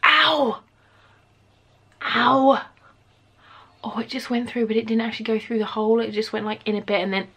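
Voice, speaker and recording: A woman in her thirties chats through an unboxing at home, gushing and excitable, her voice slipping between bright exclamations and low mutters. Her tone has a gravelly fry to it. A faint hiss sits under the recording. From England. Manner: gushing, excitable, with sudden gasps and soft mutters. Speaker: vlogger. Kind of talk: casual unboxing chat. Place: home room.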